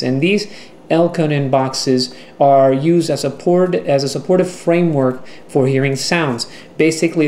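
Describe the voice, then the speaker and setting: Man explaining slowly in an echoey room. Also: mid-range voice, dark tone, a little hiss or hum. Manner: slow, deliberate explanation with fillers. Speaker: teacher. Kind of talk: instructional video narration. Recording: echoey room with faint ambience.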